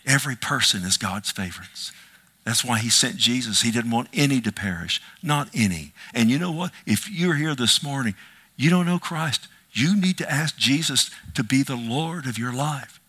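Bright-voiced, impassioned male pastor preaching. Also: medium pitch, expressive, moderate pace, husky. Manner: impassioned, swinging from loud declarations to hushed whispers; calls out "Amen?" to the congregation. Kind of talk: sermon.

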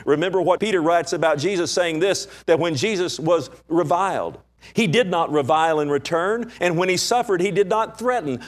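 A man preaching a sermon as pastor, animated and conversational, with many rhetorical questions. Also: on the high side.

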